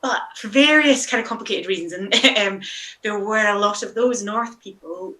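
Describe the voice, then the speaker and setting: Woman, bright tone, rambling storyteller, lots of ums, casual interview guest. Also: mid-range voice, fairly even intonation, moderate pace, rough recording. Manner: rambling, hesitant, with frequent ums and small laughs. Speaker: guest, long-distance hiker.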